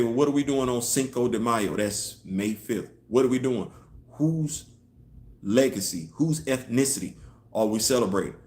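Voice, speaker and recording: Man, live-stream host, emphatic rhetorical questions, roomy echo, mid-pitched voice. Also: a little mellow. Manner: reads and answers viewer chat. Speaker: host of a live online show. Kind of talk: casual live-stream commentary. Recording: echoey room.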